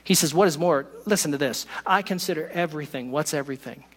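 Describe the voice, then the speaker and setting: Guy preaching a sermon, kinda high voice, long echo off the hall. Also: husky. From not from West Virginia. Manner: expressive preaching, slows for emphasis. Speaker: pastor.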